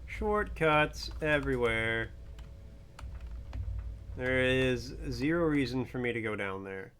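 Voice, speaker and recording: A young man streaming a game, chatting playfully and breaking into mock-heroic shouts. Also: medium pitch, animated, slow pace, slight background noise. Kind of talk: casual gameplay commentary.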